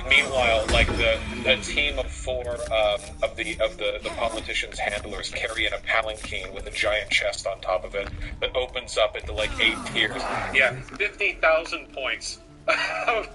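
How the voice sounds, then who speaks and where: A man's voice: lowish voice, moderate pace, rough recording. A man giving casual reaction commentary on a video, sarcastic and profane, rambling with lots of fillers. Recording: music playing underneath.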